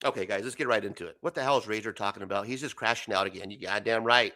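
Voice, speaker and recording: A man's voice: fairly low pitch, very fast, few pauses, pushed and bright. A man hosting a live stream and ranting heatedly, swearing a lot and laughing often. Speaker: host.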